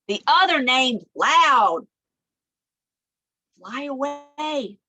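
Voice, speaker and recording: A woman librarian leading a children's storytime, reading aloud with big animated swings between soft whispers and high calls. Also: takes it slowly, creaky, long pauses, no room sound.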